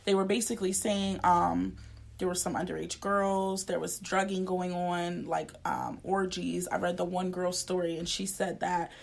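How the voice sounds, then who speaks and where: A woman's voice: on the low side, little pitch movement, moderate pace, vocal fry. A woman in her twenties co-hosting a podcast, talking in a blunt, emphatic, profane casual chat. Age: 20s. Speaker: podcast co-host.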